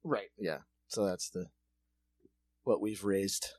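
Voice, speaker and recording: A man's voice: low-pitched, takes it slowly, darkish tone, no room sound. A man co-hosting a podcast, telling a rambling, joking story in casual chat. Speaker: podcast co-host.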